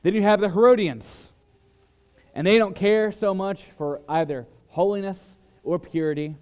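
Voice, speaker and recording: A preacher man with a slightly high voice. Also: moderate pace, smooth. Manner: dramatic shifts in loudness, mimics flatterers in higher voice. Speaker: pastor. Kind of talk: sermon.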